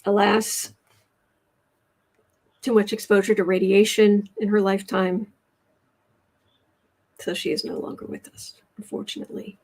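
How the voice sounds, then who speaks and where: With a medium-pitched, darkish voice, level tone and unhurried delivery full of long pauses, an American tarot reader hosts a casual livestream. She chats and restarts her sentences as she reads the cards and the chat.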